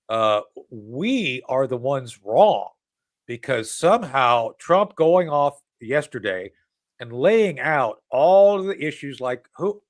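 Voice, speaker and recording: Animated man hosting a talk show. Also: medium pitch. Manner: rambling, mocking, full of restarts and asides. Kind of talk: casual political talk show chat.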